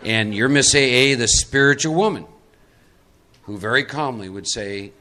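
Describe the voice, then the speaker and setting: A man leads a live workshop in a meeting room. His voice is bright and forward. He talks conversationally and coaxes audience volunteers into acting out roles. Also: mid-range voice, lively intonation, moderate pace. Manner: conversational, coaxing volunteers into role-play. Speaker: recovery workshop speaker.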